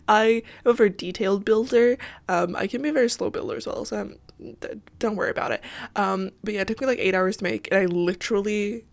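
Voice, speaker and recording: A young woman, sick with a stuffy nose, chatting casually and rambling with lots of ums and likes as she narrates her game build. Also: mid-range voice. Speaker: Sims builder vlogger. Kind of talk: casual voice-over chat.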